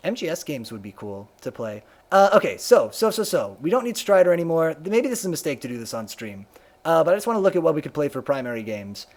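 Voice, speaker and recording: A man's voice: a little high, sing-song, fast talker, darkish tone. A man streaming a video game live, chatting casually, reading game text aloud and humming to himself, his voice a little worn.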